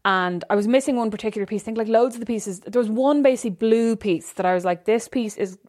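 A woman, co-hosting a podcast in casual chat and telling stories in a lively way, often acting out what people said. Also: a little high, fast talker. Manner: chatty, animated storytelling with quoted asides. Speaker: podcast co-host.

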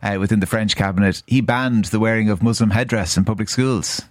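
A man hosting a radio panel, brisk as he steers the talk between guests. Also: lowish voice, no echo, studio quality. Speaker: radio show host.

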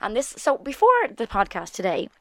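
A woman, co-hosting a podcast in casual chat, an animated storyteller who acts out quotes. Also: on the high side, moderate pace, dry recording. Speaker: podcast co-host.

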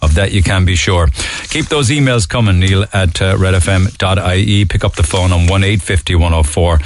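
A man's voice: low voice, a little fast, soft background music. A man hosting a radio talk show, chatting in an amused, musing way and reading out listener emails. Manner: chatty and amused, muses aloud. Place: radio studio.

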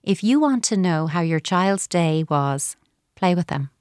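A woman's voice: lowish voice, a little slow, clean tone, dry recording, studio quality. A woman, a child psychotherapist, giving parenting advice on a radio show and acting out children's replies. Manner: animated, acts out children's replies.

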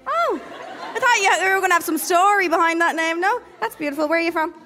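A high-pitched young woman hosting a live show. She teases and swears with easy brashness. A lively crowd and music fill the room behind her. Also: fast talker. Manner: brash, teasing, swears freely. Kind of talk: live stage banter with audience. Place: stage in front of a live audience. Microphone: handheld stage mic.

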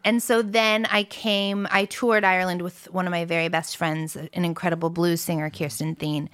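A woman's voice: lowish voice, level tone, moderate pace, a bit bright. An American woman musician talking casually in an interview, chatty and full of fillers, laughing often. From United States. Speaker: musician guest.

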